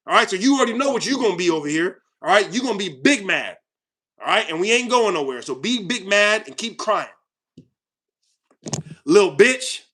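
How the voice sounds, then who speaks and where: Heated ranting host, man, high bright voice, confrontational. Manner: heated, confrontational, repetitive, swings loud and quiet. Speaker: channel host. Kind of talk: ranting commentary to viewers.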